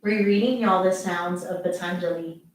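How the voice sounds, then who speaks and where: A woman yoga teacher guiding a relaxation with soft, calm, encouraging cues. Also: lowish voice, normal speed, slight background noise. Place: practicing at home. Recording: very echoey room, distant mic, music behind.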